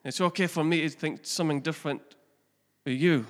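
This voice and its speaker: A man's voice: a little high, a little fast, in a large hall. A middle-aged man, preaching a chatty sermon that asks the congregation questions and mixes in family stories. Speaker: pastor. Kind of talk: conversational sermon.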